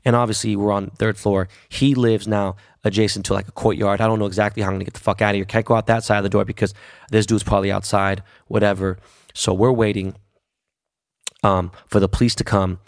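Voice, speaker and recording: A man hosting a podcast, telling a story in a profane, animated, casual way. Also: fairly low pitch, fast talker, gravelly, no echo, studio quality. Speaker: podcast host.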